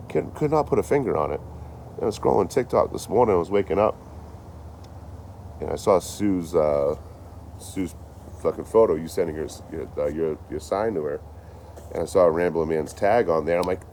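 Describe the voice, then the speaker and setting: A man's voice: low-pitched, moderate pace, pauses often, background noise. A man chatting casually on a livestream, rambling and swearing, laughing often as he tells stories. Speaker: traveling livestreamer.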